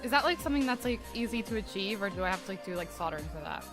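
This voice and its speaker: Talking very fast with lively intonation, a young woman chats casually with her livestream viewers over music. Her voice is mid-range, and she rambles, says "like" constantly, and keeps restarting sentences.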